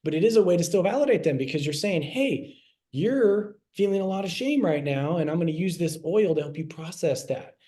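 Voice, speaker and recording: A middle-aged man gives a relaxed class in a mellow, warm voice that sits a touch high for a man. He talks casually, restarts and repeats phrases, and slips into short acted quotes. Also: brisk. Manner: conversational, repeats himself, acts out quoted lines. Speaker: health class presenter. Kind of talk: casual teaching talk.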